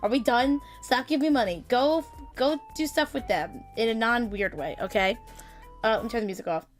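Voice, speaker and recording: A high-pitched woman chatting live on her stream over faint background music. She talks excitably, laughs a lot and swears in playful mock outrage. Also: brisk. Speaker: streamer hosting a chat with creators. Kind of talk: casual live stream chat.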